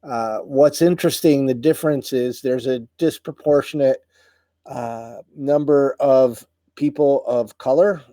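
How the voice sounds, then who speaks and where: A middle-aged man hosting a casual livestream, greeting viewers and talking haltingly with many pauses, tired and emotional. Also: medium pitch, dark tone, no echo. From United States. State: tired, voice wearing out. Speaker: livestream host. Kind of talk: casual live chat reading viewer comments.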